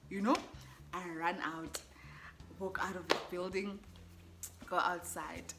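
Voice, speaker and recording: A young woman with a South African accent tells a personal story in a vlog, in a lively, exclaiming way with frequent laughs. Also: fairly low pitch, takes it slowly, long pauses, background noise. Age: young adult. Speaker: vlogger.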